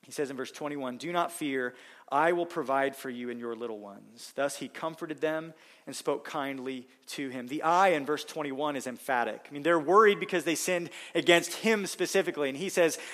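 Earnest preaching man, slightly high voice. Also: moderate pace, a bit bright. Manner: earnest, rising to emphatic stress on key phrases. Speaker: pastor. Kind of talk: sermon.

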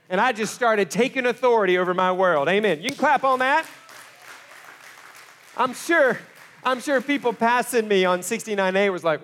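High-voiced, animated male preacher. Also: normal speed. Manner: animated storytelling, swinging from hushed to loud exclamations. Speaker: pastor. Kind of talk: sermon.

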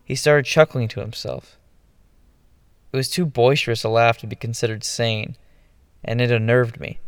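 A man narrating a first-person horror story in a measured, ominous storytelling manner. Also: mid-range voice, clean tone, dry recording, clean studio sound. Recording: narration over music.

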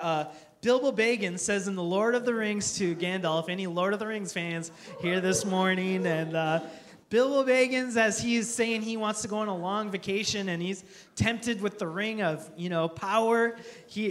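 A man's voice: extremely high pitch, a bit bright. A man preaching a sermon as pastor, earnest and repetitive, often restarting his phrases with small stammers.

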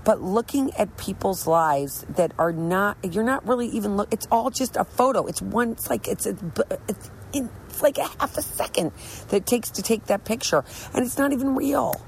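A woman's voice: medium pitch, expressive, moderate pace, a little hiss or hum, rough recording. A middle-aged woman talking candidly about her recovery from drinking, earnest and rambling, often restarting her sentences. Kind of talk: candid personal monologue.

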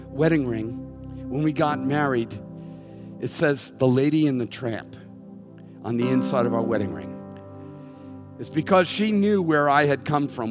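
A middle-aged man preaching a sermon as pastor, emphatic and conversational, with wry self-deprecating asides. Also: medium pitch. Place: church sanctuary. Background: soft music underneath.

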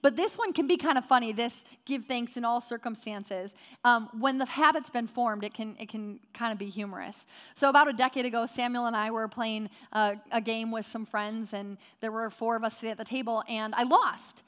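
Woman pastor giving a sermon, mid-aged, animated stories, higher voice. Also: brisk, hardly any pauses. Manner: storytelling, animated.

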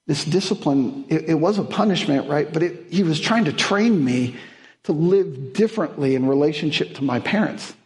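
A man's voice: fairly high pitch, lively intonation, moderate pace. A man preaching a sermon as guest speaker, mixing family stories and humor with Bible verses, building to emphatic peaks. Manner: storytelling with humor, chuckling, rising emphatic peaks.

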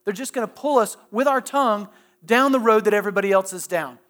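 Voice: medium pitch, fast talker, a bit bright. A pastor preaching a sermon in a conversational way, asking the listeners direct questions and often restarting and repeating phrases.

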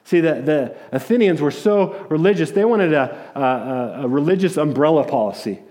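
This pastor's voice is a little high, expressive, and mellow, moving at normal speed. Telling stories conversationally through his sermon, he frequently starts words over and gives voice to the people he quotes.

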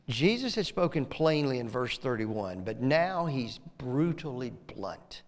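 A male pastor preaching a sermon, swinging from emphatic lines to soft, near-whispered ones. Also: mid-range voice, big pitch swings, a little slow, hardly any pauses, in a large hall.

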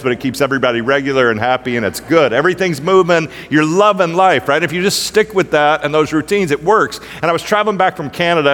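A man's voice: on the high side, a bit bright. A male pastor giving a sermon, telling humorous stories in a casual, conversational way. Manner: casual storytelling, humorous, heavy use of "like". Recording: long hall reverb.

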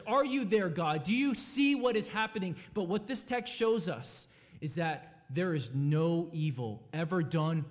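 A man's voice: sits high, darkish tone. A man preaching a sermon as pastor, emphatic and dynamic, asking his listeners rhetorical questions.

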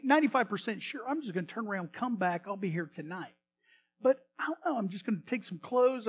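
A male pastor telling a story in a sermon, animated, swinging from loud bursts to hushed retelling. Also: high voice, a little hiss or hum.

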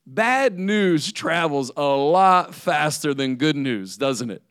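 A man's voice: fairly high pitch, sing-song, slow pace, hardly any pauses, a bit bright, clear, resonant tone, no echo, studio quality. A man preaching a sermon as pastor in a conversational way, often checking in with "right?".

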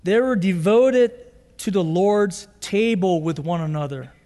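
A man's voice: high-pitched, measured pace, mellow. A man preaching a sermon as pastor in a conversational way, acting out quotes and repeating lines for emphasis. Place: church sanctuary. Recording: long church reverb.

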